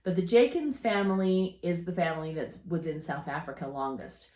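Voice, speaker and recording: A woman in her fifties chats casually and tells family stories with restarts and easy laughter. Her voice sits fairly low, and the room around her is echoey and live. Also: normal speed, darkish tone. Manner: chatty, rambling storyteller with restarts and laughter. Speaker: podcast co-host telling family stories. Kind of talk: casual chat.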